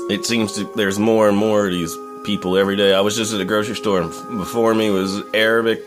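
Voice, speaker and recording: A man's voice: lowish voice, fairly even intonation, fairly quick, few pauses, music in the background. A young man talking in a casual, profane, rambling rant as a vlogger. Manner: profane, blunt, rambling with fillers. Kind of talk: casual ranting monologue.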